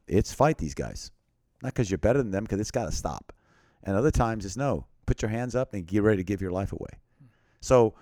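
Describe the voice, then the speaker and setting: A man earnestly telling a personal story as an interview guest, often dropping to a quiet, grave tone. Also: on the low side, dry recording, clean studio sound.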